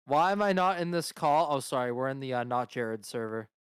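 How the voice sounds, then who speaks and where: A man's voice: mid-range voice, lively intonation, a little fast, clean tone, no room sound, clean studio sound. A man with a cold on a voice call with a streamer, joking around and playfully hyping the chat. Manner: playful hype-man teasing. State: has a cold.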